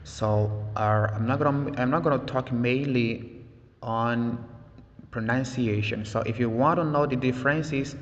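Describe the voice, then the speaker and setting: Male English teacher, slow and deliberate, repeats words, echoey lo-fi recording. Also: mid-range voice. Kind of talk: vocabulary lesson. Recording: echoey, dull lo-fi sound.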